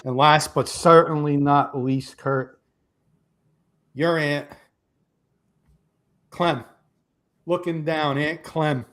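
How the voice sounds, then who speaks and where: A man's voice: fairly high pitch, fairly even intonation, very slow, pauses often, a bit bright. A middle-aged man co-hosting a live fan show, speaking in a heartfelt, choked-up way. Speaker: co-host. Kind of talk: emotional live show talk.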